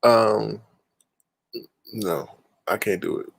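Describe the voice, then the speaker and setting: A man's voice: fairly low pitch, very slow, gravelly, husky, dry recording. A man hosting a livestream panel in casual chat, exasperated and laughing as he scolds the guests. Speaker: panel host.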